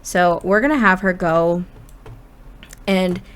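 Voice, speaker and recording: A woman's voice: on the low side, slow, fairly bright tone, clean tone. Chatty woman narrating a life-sim game. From Indiana. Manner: chatty, many restarts and "you know" fillers. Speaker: Sims gameplay narrator. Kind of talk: casual gameplay storytelling.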